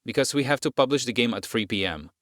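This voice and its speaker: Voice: mid-range voice, lively intonation, fast, no room sound, studio quality, voice pushed down, natural voice. A woman voicing a frantic student teammate at a game jam, urgent and repetitive.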